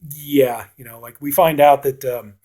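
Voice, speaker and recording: A man's voice: mid-range voice, fairly even intonation, unhurried, warm tone. A man reviewing a horror movie, casually retelling the plot with lots of "you know" fillers.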